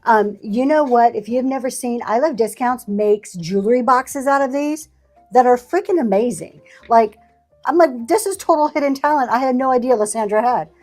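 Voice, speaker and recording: Soft music plays behind a woman hosting a live online sale of vintage items, where she chats informally and thanks buyers by name. She speaks at a normal speed in a somewhat high, slightly mellow voice.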